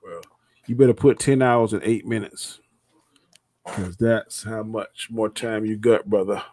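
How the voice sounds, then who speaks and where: A man's voice: fairly low pitch, unhurried. A man teasing a friend in casual live-stream chat. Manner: playful teasing, animated. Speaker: co-host.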